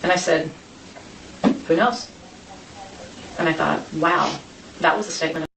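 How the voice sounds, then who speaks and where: Speaking low, creaky and at a measured pace, a woman shares her personal story as an interview guest. Her account wanders, with many restarts and quoted exchanges; the mic sits at a distance in an echoey space with faint noise.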